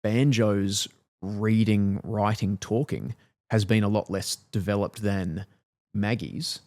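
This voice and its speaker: A man's voice: on the low side, steady tone, slow pace, darkish tone. An Australian man in his thirties, a father telling laid-back stories about his kids in casual podcast chat, playfully mimicking them.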